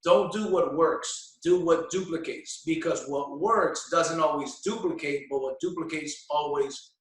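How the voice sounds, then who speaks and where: A man's voice: on the high side, measured pace. Hesitant man, echoey faraway sound. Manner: hesitant, many fillers, explaining. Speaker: guest. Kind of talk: casual interview conversation. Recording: echoey room, distant mic.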